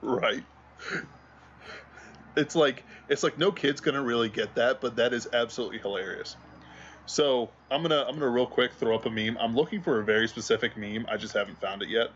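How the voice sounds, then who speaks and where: A man's voice: mid-range voice, a little fast, fairly bright tone, dull audio, slight background noise. A man co-hosting a livestream in casual chat, rambling while hunting for memes. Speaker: livestream co-host.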